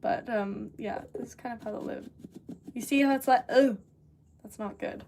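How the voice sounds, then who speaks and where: A woman ceramic artist talks casually and a bit scatterbrained to her livestream viewers while she works. Her voice sits a little high and comes from some distance off the mic. Clear noise hums behind her in the studio. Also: moderate pace, a little mellow. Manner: chatty, scattered, talks to chat while working. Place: pottery studio.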